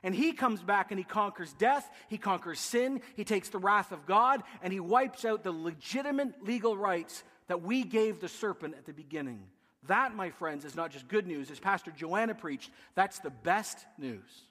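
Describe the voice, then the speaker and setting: A man preaches to his congregation, his voice sitting high as he stacks phrases into emphatic rhythmic lists. He breaks off for quick asides before driving on. The sound trails off in the long reverb of a large hall. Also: lively intonation, fairly bright tone. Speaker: pastor. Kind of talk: sermon.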